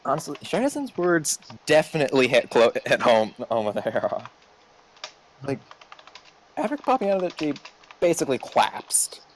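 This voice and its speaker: Lively man chatting, keyboard clicks behind. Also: mid-range voice, moderate pace, a little hiss or hum. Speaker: player. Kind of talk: casual chat.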